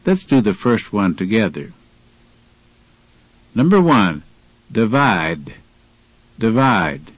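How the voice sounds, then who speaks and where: A man narrating a language-lab lesson, reading instructions and words aloud with slow, deliberate enunciation. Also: lowish voice, huge pitch swings, breathy edge, no room sound, highs cut off.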